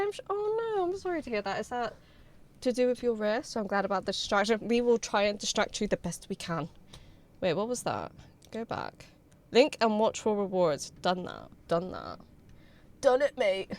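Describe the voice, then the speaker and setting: A young woman, streaming and chatting with her viewers in an excitable, bubbly way and swearing freely. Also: mid-range voice. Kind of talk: casual livestream chat with viewers.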